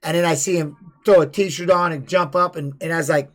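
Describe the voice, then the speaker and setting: A high-pitched man in middle age tells a story in a loose, profane way on his live stream. He sounds like a former fighter talking casually to his viewers. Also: a little fast. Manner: profane, animated retelling.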